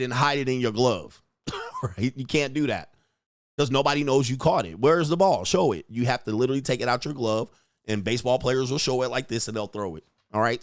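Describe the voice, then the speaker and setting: A man with a medium-pitched voice reacts to a viral video, giving blunt, profane, animated commentary and acting out people's lines. The recording is dry and studio quality.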